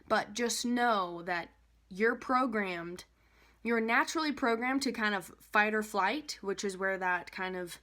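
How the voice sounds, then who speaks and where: Rambling woman life coach explaining casually. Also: a bit bright. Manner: rambling, with many fillers and restarts; acts out an anxious inner voice, rising in pitch.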